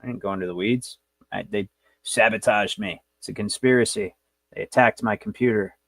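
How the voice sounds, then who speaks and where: A man's voice: lowish voice, brisk, creaky, no room sound. A man hosting a livestream, lecturing in a brash, rambling, profane way. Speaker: show host.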